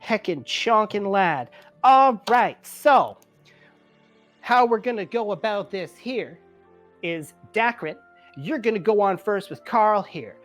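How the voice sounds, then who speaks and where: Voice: medium pitch, animated, takes it slowly, fairly bright tone, faint music behind. A game master voicing a chummy male wrestling promoter who talks in salesman patter. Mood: hustling. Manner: chummy salesman patter, calls people friend. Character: folksy male wrestling promoter, fast-talking boss.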